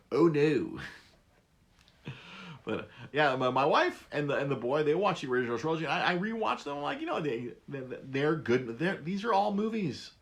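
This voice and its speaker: A man hosts a podcast in a casual, rambling monologue. His voice is lively, with plenty of rise and fall in pitch. He keeps stopping and restarting his sentences as he talks. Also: measured pace, creaky, long pauses. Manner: rambling, many restarts, animated. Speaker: podcast host.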